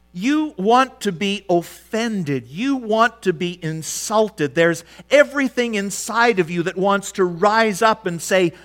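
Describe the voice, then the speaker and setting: A man's voice: high voice, expressive, slow pace, a bit bright. A man preaching a sermon, retelling a story with dramatic flair and acting out the quotes.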